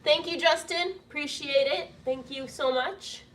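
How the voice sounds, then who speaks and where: A woman's voice: high voice, unhurried, a bit bright, recorded from a distance, a little hiss or hum. A young woman casually reading out donation messages to her viewers, emotional and gushing, laughing through tears. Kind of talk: casual livestream chat. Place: home room with roof work banging.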